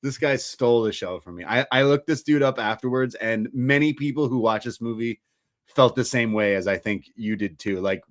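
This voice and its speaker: A man's voice: mid-range voice, moderate pace. A man co-hosting a casual film review podcast who swears freely and retells scenes with laughter.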